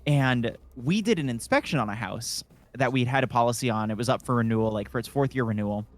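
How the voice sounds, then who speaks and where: A man speaks fast at medium pitch while casually chatting on a gaming stream. He's a rambling storyteller, going on at length about work with heavy swearing and lots of fillers.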